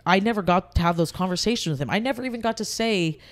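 A woman with a middle-pitched voice, speaking as a podcast guest. She talks candidly and from the heart, with frequent restarts and loose, rambling sentences. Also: quick pace. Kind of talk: candid conversation about grief.

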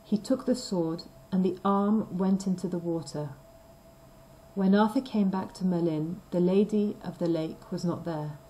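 Woman, storybook narration for learners, slow, clear, low pitch. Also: mellow, a little hiss or hum, poor audio. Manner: slow, clear, simple phrasing. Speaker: reader of a graded story.

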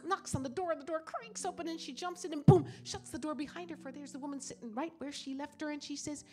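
A woman storyteller telling a folk tale in an animated, dramatic way. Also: sits high, fast, few pauses, faint music behind.

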